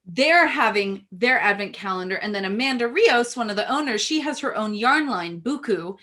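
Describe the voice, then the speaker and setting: A woman's voice: fairly high pitch, animated, normal speed, bright, forceful tone. A woman, an opera singer co-hosting a casual chat, who talks in a gushing, rambling way.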